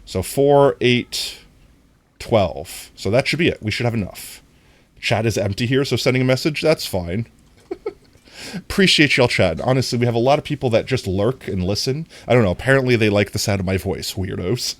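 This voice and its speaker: A man's voice: medium pitch, lively intonation, normal speed, no room sound. A man streaming a game, chatting casually with his viewers, with a somewhat nasal voice. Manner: chatty, talks to viewers while playing. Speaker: livestreamer.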